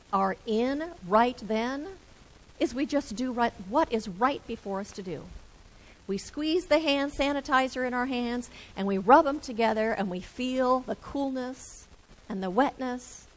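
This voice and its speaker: A woman minister giving a reflective sermon with gentle, repetitive phrasing. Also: a little high, low-quality recording.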